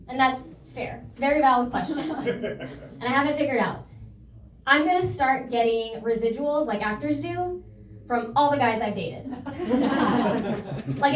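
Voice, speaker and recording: A young woman doing a stand-up comedy set in a club, with a deadpan, self-deprecating delivery. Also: sits high. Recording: echoey club, mic at a distance, loud crowd laughter. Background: audience laughter.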